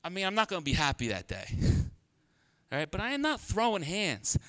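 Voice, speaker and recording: A pastor preaching a sermon in a humorous, conversational way, laughing often. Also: male voice, high-pitched, wildly swooping pitch, fairly quick, sharp tone. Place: church.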